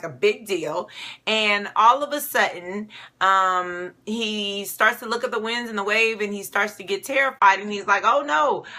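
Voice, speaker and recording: A woman delivers a casual, conversational sermon with a bright, clear tone. She retells scripture informally with chatty asides. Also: mid-range voice. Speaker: preacher.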